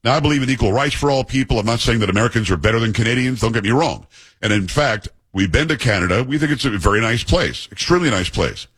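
Middle-aged male talk host, husky, casual banter with a teasing streak, dry close studio sound. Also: medium pitch, animated, quick pace, fairly bright tone, no echo. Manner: chatty, joking, teasing asides.

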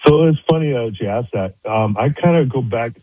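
A man, a high school baseball coach, talking relaxed as a radio guest. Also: brisk, slightly rough, dry recording, phone-quality sound. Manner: relaxed, hesitant with fillers. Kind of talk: casual radio interview.

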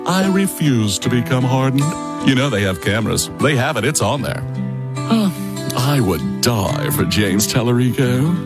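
A dreamy, tender softie fussing over his pressed flowers, acted by a man in a comic parody ad. His voice swoops up and down in a lilting way, and the delivery is precious and fussy. Loud acoustic guitar plays under him throughout. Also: medium pitch, very animated, measured pace. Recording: loud guitar music behind. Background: acoustic guitar music.

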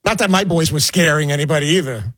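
A man with a slightly high, husky voice who talks very fast. He is blunt and tells anecdotes, recorded close and dry. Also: fairly bright tone, no echo. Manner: blunt, storytelling. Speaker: show regular. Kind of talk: casual banter.

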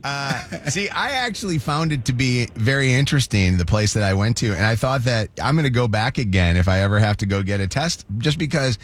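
A man's voice: mid-range voice, expressive, brisk, few pauses. A man hosting a call-in radio show, chatting casually and laughing easily with callers.

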